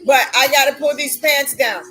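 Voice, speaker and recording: A high-pitched American woman tells her viewers a story, dramatic and quick to laugh. Her voice is bright and sharp, and she acts out her own shouts along the way. Faint music plays underneath. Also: low-quality recording. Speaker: vlogger telling a travel story.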